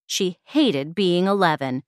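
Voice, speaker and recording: A woman reading a short story aloud slowly and clearly for language learners. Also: lowish voice, expressive, dry recording, studio quality. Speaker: textbook audio narrator.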